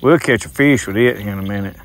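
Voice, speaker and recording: A man's voice: fairly low pitch, fast talker, slight background noise. A man with a Southern US accent talking casually from a kayak on a pond, folksy and rambling, chuckling as he goes. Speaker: fishing vlogger. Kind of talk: casual outdoor talk to camera. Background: insects and crickets.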